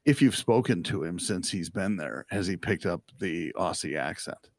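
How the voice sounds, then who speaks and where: Joking middle-aged guy on a podcast, teasing, low voice, dry sound. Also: lively intonation, normal speed, no room sound. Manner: jokey, teasing, laughs often. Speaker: podcast co-host. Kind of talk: casual chat.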